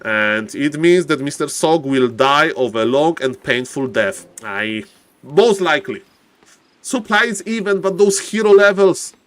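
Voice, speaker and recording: Excitable high-voiced male game caster. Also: unhurried. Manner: excitable, repeats "ladies and gentlemen", bursts into high-pitched shouts; thanks chat viewers by name. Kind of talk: live-streamed esports commentary.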